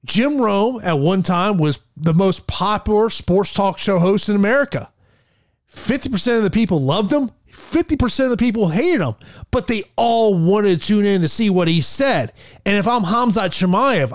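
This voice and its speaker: A man's voice: sits high, expressive, normal speed, darkish tone, dry recording, studio quality. A man co-hosting a casual fight-sports podcast, chatty, with frequent "like" fillers and restarts. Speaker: podcast co-host. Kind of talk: casual MMA podcast chat.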